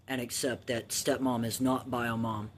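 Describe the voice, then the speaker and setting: A man in his thirties tells his life story in a loose, candid ramble, swearing freely and circling back with plenty of ums. His voice sits at an ordinary middle pitch. A faint background hiss runs under the talk. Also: flat delivery, unhurried. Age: 30s. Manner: candid, rambling, profane, with restarts and filler ums. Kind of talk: casual personal storytelling.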